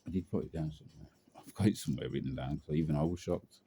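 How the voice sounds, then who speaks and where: Low, dark-voiced young man. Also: quick pace, vocal fry, slight background noise. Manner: rambling, slangy, many fillers. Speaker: vlogger. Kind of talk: casual personal storytelling.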